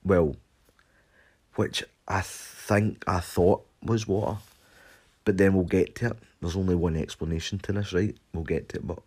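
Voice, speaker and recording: A young Scottish man casually telling a sweary anecdote, shouting out the lines he quotes. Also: sits low, normal speed. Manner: swears constantly, animated retelling with shouted quotes. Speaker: storyteller.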